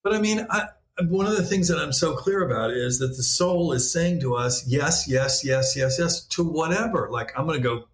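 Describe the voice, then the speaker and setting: A man talking as a podcast guest, an animated storyteller who acts out voices. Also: on the high side, moderate pace. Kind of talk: casual conversation. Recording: echoey room, faint noise.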